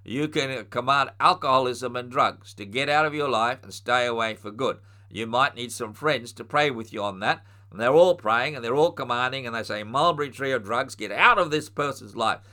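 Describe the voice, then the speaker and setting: A middle-aged man preaching a sermon, teaching earnestly and rising into forceful spoken commands. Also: mid-range voice, normal speed, few pauses.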